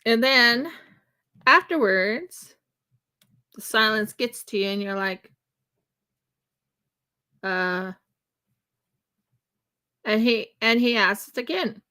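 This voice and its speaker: A woman from the United States tells a story at a slow, unhurried pace while she crafts on a livestream. Her voice is bright and fairly high. She acts out the dialogue as she goes. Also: smooth. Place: home craft room.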